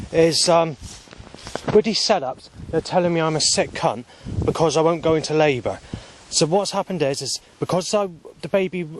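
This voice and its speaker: A man, rambling and swearing as he walks outdoors filming on his phone, at times flaring into angry shouting. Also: on the high side, slight background noise. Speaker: vlogger. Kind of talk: rambling walking vlog monologue. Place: outdoors, walking along paths. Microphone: handheld phone camera.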